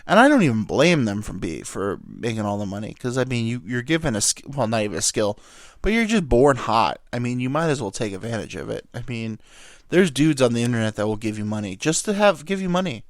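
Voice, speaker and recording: A man's voice: mid-range voice, big pitch swings, a little fast, dry recording, clean studio sound. A young man hosting a podcast, telling stories in a rambling comedic monologue with stammered restarts and casual swearing. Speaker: podcast host.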